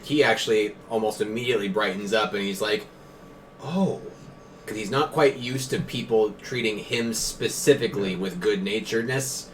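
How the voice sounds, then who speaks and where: Male game master, fairly low voice, relaxed narration; sits back from the mic, noisy room. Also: fairly quick, few pauses, far from the mic.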